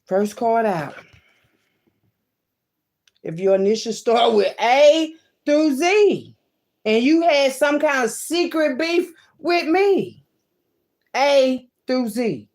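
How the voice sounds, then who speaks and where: A woman giving a card-reading monologue, swinging between loud outbursts and hushed asides and calling her listeners "baby" and "child". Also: sits high, lively intonation, slow, long pauses. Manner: talks to viewers as "baby" and "child".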